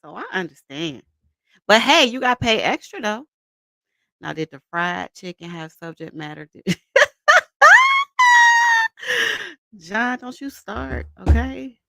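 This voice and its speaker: A woman in her thirties chats casually on a livestream, greeting viewers and laughing easily. Her pitch leaps around a lot, and her tone is bright and forceful. She is close on a dry mic. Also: measured pace, gravelly, no room sound. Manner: animated, greets chat by name, laughs often. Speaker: livestream host.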